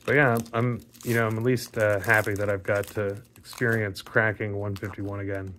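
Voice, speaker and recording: A man with a rather low, raspy voice talks through opening card packs. He rambles casually with lots of fillers and some mild swearing. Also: flat delivery, moderate pace, fairly bright tone, a little hiss or hum. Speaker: card pack opening vlogger. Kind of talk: casual pack opening commentary.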